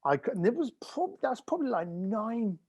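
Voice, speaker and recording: A man as a podcast guest, telling an animated anecdote and acting out other people's voices, moving between loud and hushed. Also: very high voice, normal speed, husky, lo-fi sound.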